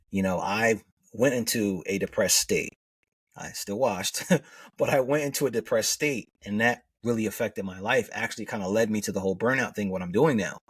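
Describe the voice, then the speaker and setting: A man's voice: on the low side, fairly bright tone, husky, no echo, distant mic. A middle-aged man, a transformation coach, telling personal stories earnestly in a podcast interview and often saying "man".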